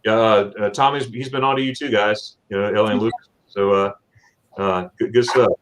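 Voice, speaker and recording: A man's voice: on the low side, steady tone, brisk. A middle-aged man hosting a casual livestream, telling a long story with many fillers and repeated words. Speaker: host.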